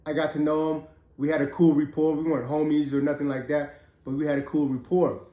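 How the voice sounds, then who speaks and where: A man telling his own prison story in a casual, profane, streetwise way, pausing often as he recounts it. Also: on the high side, flat delivery, mellow, roomy sound. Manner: streetwise, profane, drawn-out pauses.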